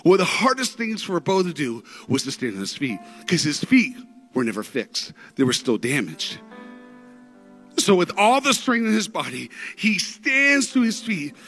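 A man preaching a sermon through stories, dramatic, with big swings in pitch and loudness. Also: sing-song, moderate pace, soft background music. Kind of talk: sermon storytelling.

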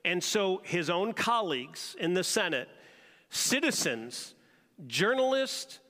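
A man's voice: high-pitched, sing-song, slow pace, sharp tone. A man preaching a sermon as pastor, putting rhetorical questions to his congregation. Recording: long reverb of a large hall.

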